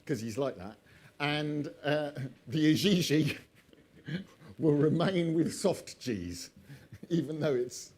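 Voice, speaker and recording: A man's voice: fairly high pitch, darkish tone. A man telling an old myth, drifting into chatty asides and laughing often at his own jokes. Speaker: storyteller. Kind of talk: oral storytelling with chatty asides.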